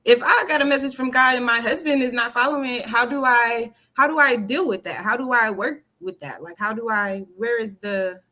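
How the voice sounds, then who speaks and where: A woman's voice: on the high side, fairly quick, hardly any pauses, bright, forceful tone. A woman on a discussion panel, thinking aloud and asking questions. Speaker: panel guest. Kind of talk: casual panel debate.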